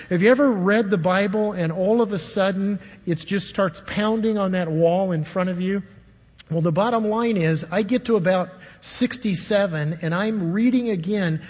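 Older male pastor, storytelling sermon, high husky voice, reverberant hall sound. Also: darkish tone. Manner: storytelling, asks the congregation questions. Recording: dull, long echo of a large hall.

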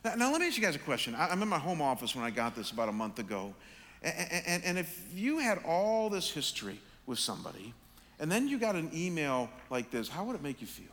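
A middle-aged man preaching a sermon, telling a personal story with lively, animated delivery and acting out his own anger. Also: fairly high pitch, fast. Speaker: pastor. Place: large church auditorium. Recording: hall reverb.

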